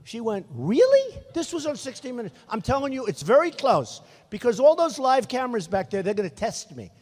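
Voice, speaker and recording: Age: 60s. Sex: man. Style: rambling rally speech with a lively, high voice. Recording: echoing big hall. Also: brisk. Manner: rambling, repetitive, boastful asides to the crowd. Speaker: political candidate at a campaign rally. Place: large rally venue with an audience. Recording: long reverb of a big hall.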